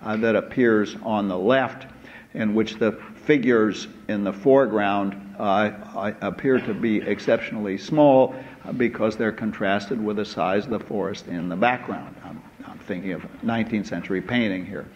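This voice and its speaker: A man giving a university lecture in a hall, unhurried and full of "uh" hesitations and asides. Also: fairly low pitch, darkish tone. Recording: dull lo-fi lecture recording with faint noise.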